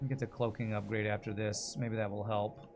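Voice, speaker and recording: A man's voice: fairly low pitch, level tone, moderate pace, background noise. A man streaming a video game, commenting live in a frustrated, swearing rant while apologizing to the ship's designer.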